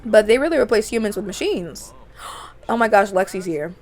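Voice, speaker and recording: A young woman hosting a gaming channel, chatting excitedly as she narrates a life-sim game. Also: medium pitch, normal speed. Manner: chatty, easily excited, gasps and laughs.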